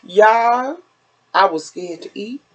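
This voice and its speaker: A woman, chatting casually as host and telling a story with lively, animated delivery. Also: medium pitch, slow pace. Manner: animated storytelling, bursts into sung lines. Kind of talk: casual chat.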